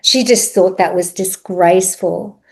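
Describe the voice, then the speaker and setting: A middle-aged woman telling her own story as a podcast guest, reflective and halting, often pausing with "um". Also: fairly low pitch. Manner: reflective, unhurried, pauses with ums. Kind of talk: personal story in interview.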